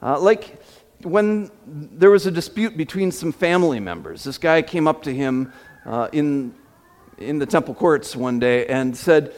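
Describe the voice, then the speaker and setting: A male pastor preaches in a high, animated voice that rises and falls widely. He tells his stories with frequent fillers and restarts. The sound carries the long reverb of a large hall. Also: unhurried. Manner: storytelling with repeated fillers and restarts. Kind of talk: sermon.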